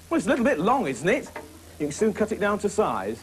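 A man hosting a children's puppet show, playing a brisk, jovial teacher who scolds his puppets. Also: sits high, wildly swooping pitch, a little hiss or hum.

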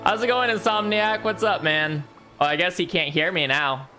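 A man's voice: high-pitched, normal speed, pushed and bright. A man casually commentating a video game playthrough, crude, sarcastic and profane. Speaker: let's play host. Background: game music.

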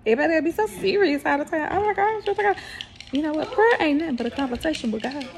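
A woman's voice: high-pitched, animated, rapid-fire, gravelly. An older woman with a Southern US accent, chatting playfully while eating on camera, laughing and preaching as she goes. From American South. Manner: playful, preachy, laughs a lot, sings snippets. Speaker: vlogger. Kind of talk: casual mukbang chat.

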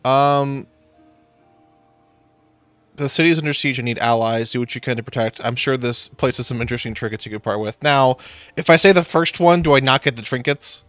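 A man's voice: medium pitch, a little fast, fairly bright tone, dry recording, faint music behind. A man chatting casually while playing a game, joking around and reading game text aloud. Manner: jokey, rambling, reads in-game text aloud. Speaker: gamer playing a video game. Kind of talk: casual gameplay chat.

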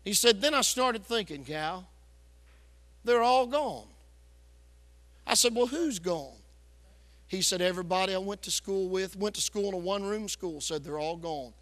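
A loud, hard-driving preacher delivers a storytelling revival sermon. His voice sits high and sounds bright and forceful. The long reverb of a church sanctuary trails every phrase. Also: expressive, moderate pace, pauses often. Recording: echoey church hall.

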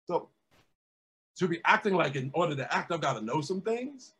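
A pastor preaching a sermon, calling out to his congregation and rising to shouts, recorded in a closed room with its windows blacked out for filming. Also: on the high side, expressive, normal speed, slightly rough, poor audio.

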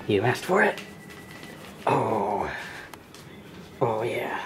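A man vlogging as he talks to his dog in soft, doting baby talk that often drops to a half-whisper, picked up by a camera microphone. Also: fairly low pitch, lively intonation, drawn-out words, long pauses. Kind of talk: casual vlog talking to his dog. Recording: noisy home video recording.

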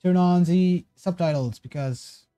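A man's voice: sits high, a little slow, soft background music. A man streaming a casual reaction to game cards, rambling and correcting himself as he goes. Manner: rambling, self-correcting, excitable tangents.

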